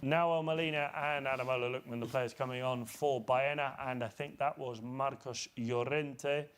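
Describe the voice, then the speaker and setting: A man's voice: mid-range voice, moderate pace, a little hiss or hum. A man from England hosting a live football watchalong, chatting casually and calling the play as it happens. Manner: relaxed, chatty, drifts into commentary. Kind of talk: casual chat with live match commentary.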